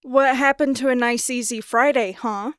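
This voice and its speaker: A man voicing a sharp, determined young woman detective with a dry, teasing edge. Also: extremely high pitch, steady tone, normal speed, smooth, dry recording, pitched above the performer's own voice.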